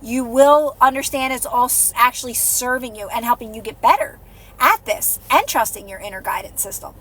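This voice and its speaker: High-voiced woman coaching on a livestream. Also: normal speed, husky. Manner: soothing, repetitive, encouraging, drops softer when guiding calm. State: out of breath. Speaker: livestream host and manifestation coach. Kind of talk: casual live-stream coaching talk.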